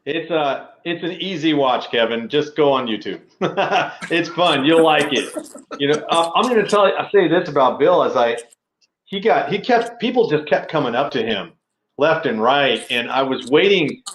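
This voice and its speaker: A man co-hosting a relaxed podcast, telling fan stories eagerly and peppering them with fillers. His voice sits fairly high. The room around him is echoey. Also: moderate pace. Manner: enthusiastic storytelling with fillers. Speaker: podcast co-host. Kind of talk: casual podcast chat. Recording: roomy echo.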